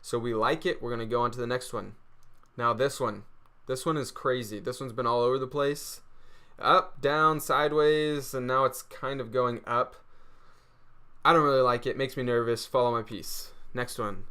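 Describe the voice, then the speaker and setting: A man's voice: mid-range voice, steady tone, normal speed, pushed and bright, smooth. A man with a Texas accent presenting a screen-share trading tutorial, upbeat and asking himself rhetorical questions he answers right away.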